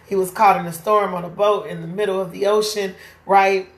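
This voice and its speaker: A woman's voice: mid-range voice, fairly even intonation, brisk, reverberant. A woman teaching a casual Bible study, talking conversationally and often checking in with "right?". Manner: conversational, keeps asking "right?".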